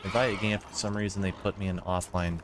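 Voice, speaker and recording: A man's voice: sits low, flat delivery, quick pace, background noise. A man livestreaming a video game, chatting casually and rambling with lots of fillers. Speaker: game streamer. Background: game music.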